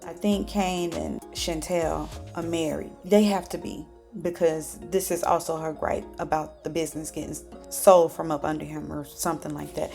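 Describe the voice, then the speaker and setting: A woman's voice: low voice, steady tone, normal speed, creaky, warm tone, soft background music. A woman reviewing a TV show in a chatty casual recap full of sassy asides.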